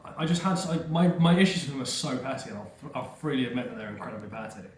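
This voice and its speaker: A man's voice: medium pitch, expressive, quick pace. A man co-hosting a casual podcast, laughing often, swearing and slipping into silly voices as he talks. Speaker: podcast co-host. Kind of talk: casual chat. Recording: echoey room with faint noise.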